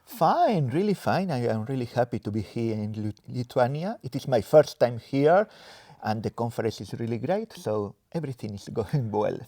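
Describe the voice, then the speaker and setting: A Spanish man with a mixed Spanish and French accent, a guest giving relaxed, self-deprecating answers and sometimes searching for words. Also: mid-range voice, moderate pace, dry recording, clean studio sound. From Spain. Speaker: interview guest, developer advocate. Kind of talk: casual interview answers. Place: conference venue in a cinema.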